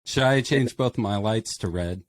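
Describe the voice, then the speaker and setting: A man's voice: fairly low pitch, a little slow, a little hiss or hum. A man in a casual podcast discussion, speaking with passion and firing off emphatic rhetorical questions. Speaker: podcast panelist.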